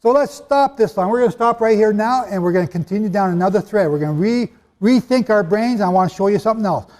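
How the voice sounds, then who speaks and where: A man preaching a sermon in a hall with an audience, animated and conversational, with asides to his listeners. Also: sits high, quick pace. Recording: long hall reverb.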